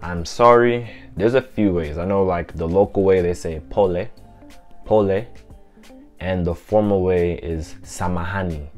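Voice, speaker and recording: A man giving a casual vlog language lesson, repeating words slowly for pronunciation in a chatty, loose way. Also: deep voice, fairly even intonation, mellow, faint music behind. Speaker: language teacher vlogger.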